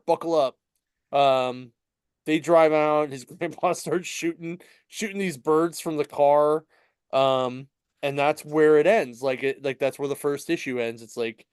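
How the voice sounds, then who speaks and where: A man's voice: fairly high pitch, darkish tone, clean tone, no room sound, studio quality. A man co-hosting a podcast, telling a story in casual chat that is full of fillers and chuckles. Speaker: podcast co-host at a comic shop. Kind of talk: casual chat recapping a comic book.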